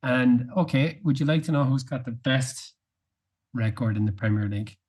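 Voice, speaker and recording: A man co-hosting a casual podcast chat, setting quiz questions in a measured, wry way. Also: medium pitch, a little mellow, husky. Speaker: podcast co-host.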